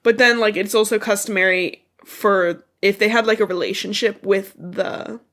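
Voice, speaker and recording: A woman's voice: medium pitch, steady tone, normal speed, fairly bright tone. A woman with a stuffy, congested voice, recapping a book for a podcast in a rambling way, swearing often. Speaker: podcast co-host. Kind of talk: casual book recap chat.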